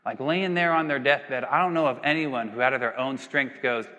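A young male pastor talking through a sermon in a loose, chatty way, with a bright, forceful voice. He keeps checking in with the listeners and acts out small everyday scenes. The sound rings with the long reverb of a large hall. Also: mid-range voice, normal speed, hardly any pauses. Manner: conversational, tag questions, acts out little scenes.

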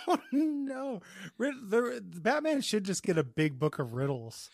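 A man's voice: high voice, very animated, measured pace, gravelly, dry recording. A man co-hosting a podcast in a goofy, laid-back casual chat, rambling with fillers. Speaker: podcast co-host.

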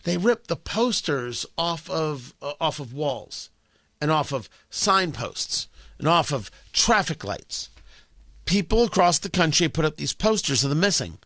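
A man's voice: fairly high pitch, very animated, a little slow, bright, forceful tone, no echo. A man hosting a political talk radio show, delivering a sarcastic, combative monologue into a studio microphone.

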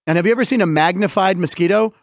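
High-voiced joking male show host. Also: dry recording, studio quality. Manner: joking, rambling, quick asides. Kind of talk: casual comedic sports talk.

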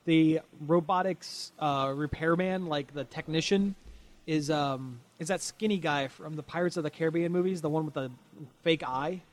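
A man's voice: fairly high pitch, moderate pace. Chatty man rambling with filler words. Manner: rambling, many fillers, laughs often. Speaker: podcast co-host. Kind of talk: casual chat.

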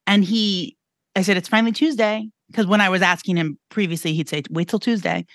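A woman's voice: mid-range voice, fairly even intonation, brisk, fairly bright tone, no echo. Co-host, woman, reporter, chatty and self-deprecating, dry close sound. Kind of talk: casual political chat.

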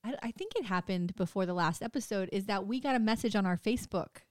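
A woman's voice: medium pitch, quick pace, a little mellow, no room sound, clean studio sound. Reactive woman podcast co-host. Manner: reactive, exclaiming, sympathetic. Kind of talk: casual chat reactions.

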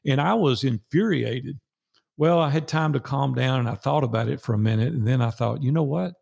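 Gravelly-voiced older man telling a story. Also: mid-range voice, fast talker, a little mellow. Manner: earnest, preacherly storyteller acting out dialogue. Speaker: guest. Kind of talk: storytelling in an interview.

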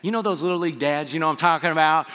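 A man's voice: a little high, racing, pushed and bright. A man preaching as a pastor, talking to his listeners conversationally and asking them rhetorical questions. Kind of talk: sermon. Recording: long hall reverb.

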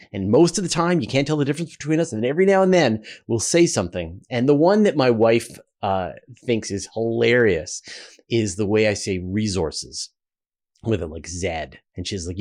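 A man with a Canadian accent hosting a relaxed question-and-answer show, talking casually with fillers and restarts. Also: medium pitch. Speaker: host. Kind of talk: casual Q&A talk.

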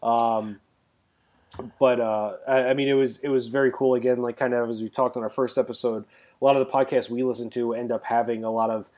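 A man's voice: medium pitch, little pitch movement, brisk, a little mellow. A man co-hosting a podcast in casual chat, rambling along with many fillers and restarts. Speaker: podcast co-host.

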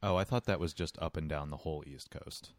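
A man's voice: a bass voice, brisk, no echo. A man co-hosting a podcast in casual chat, wry and teasing. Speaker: podcast co-host.

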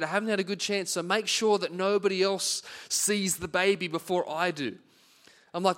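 A man's voice: high-pitched, a bit bright. A man, preaching a sermon and telling personal stories in a conversational way. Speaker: pastor.

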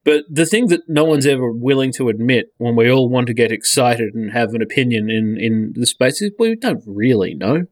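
A man's voice: mid-range voice, animated, moderate pace, hardly any pauses, no room sound, clean studio sound. Blunt, sweary man in casual chat. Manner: blunt, sweary, restarts a lot.

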